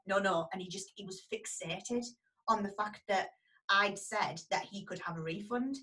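A woman tells a story in a casual, lively way and acts out the people in it. Her voice is bright and forward, and she sits a little away from the microphone. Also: medium pitch, moderate pace, far from the mic, rough recording. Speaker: dog groomer telling a story.

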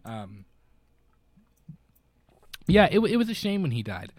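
A man's voice: on the high side, very animated, takes it slowly, no echo. A man co-hosting a podcast, retelling a film in a casual, rambling way with lots of fillers and restarts. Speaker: podcast co-host. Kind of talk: casual chat recapping a film.

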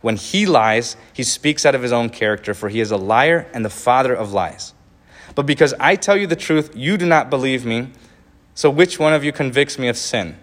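Guy preaching, reads the verses with punch then chats about them, mid-pitched voice. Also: animated, normal speed, fairly bright tone. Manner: reads verses with rising emphasis, then comments with small laughs and restarts. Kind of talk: sermon, reading and explaining scripture.

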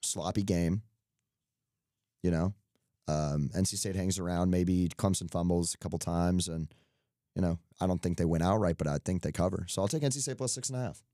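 Young man, very low voice, dry close sound, casual sports betting chat, joking. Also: mellow, dry recording. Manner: loose, joking, quick asides. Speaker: podcast co-host.

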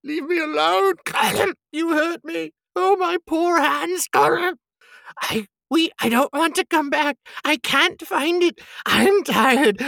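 A man's voice: very high-pitched, slow pace, creaky, sharp tone, dry recording, clean studio sound, pitched above the performer's own voice, exaggerated voice. A man reading aloud and voicing a wretched, tormented creature that hisses, whines and sobs. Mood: sobbing torment. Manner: shrieking, sobbing, hissing.

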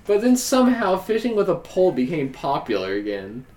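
Rambling, expressive man telling stories. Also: high-pitched, brisk. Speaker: podcast co-host. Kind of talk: casual podcast chat.

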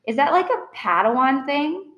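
Storybook: a cocky, eager boy, voiced by a woman, pitched up. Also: very animated, normal speed, fairly bright tone, dull audio. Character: bold, confident young schoolboy, eager. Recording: roomy echo.

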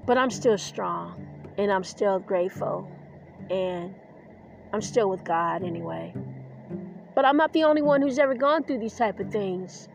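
A woman's voice: mid-range voice, measured pace, vocal fry, highs cut off, music in the background. A woman hosting a podcast, talking in an emotional, defiant personal monologue and getting choked up at times. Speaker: podcast host.

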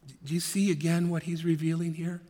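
A male pastor preaching a sermon, earnest, dropping to soft hushed tones and rising to emphatic peaks. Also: on the high side, little pitch movement, brisk, in a large hall.

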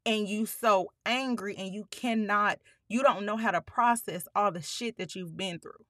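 A woman's voice: mid-range voice, normal speed, few pauses, a bit bright, no echo, clean studio sound. A woman hosting a podcast, telling listeners her personal story with emphatic, blunt language and holding back tears. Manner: emphatic, addresses listeners as y'all, frequent swearing. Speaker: podcast host.

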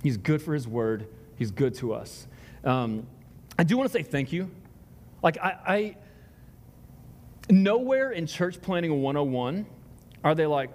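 A man's voice: a little high, lively intonation, unhurried, long pauses, darkish tone. A man speaking as pastor, giving casual announcements to his congregation in a rambling, self-deprecating way full of tangents. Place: large church hall before a congregation. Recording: long reverb of a large hall.

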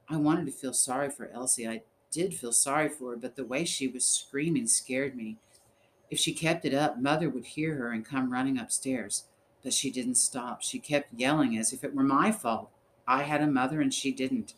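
A man reads a storybook aloud in the first person, at a measured, steady pace. His voice sits at a middle pitch, and a faint hiss runs under it. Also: low-quality recording. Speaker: audiobook narrator.

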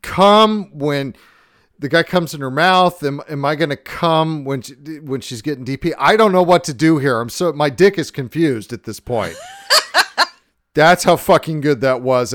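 Podcast host, excitable profane ranting, smooth tone, mid pitch, dry close sound. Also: male voice, dry recording. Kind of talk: casual podcast chat.

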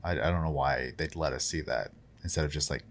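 A man co-hosting a casual gaming podcast, speaking haltingly with many fillers. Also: extremely low pitch. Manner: hesitant, many fillers and restarts, chuckles. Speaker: podcast co-host. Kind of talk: casual chat.

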